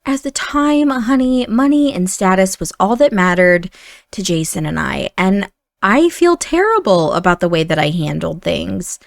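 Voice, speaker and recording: A woman's voice: medium pitch, big pitch swings, measured pace, creaky, dry recording. Woman as sorry older mother, pleading, apologetic, dry close sound. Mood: remorseful.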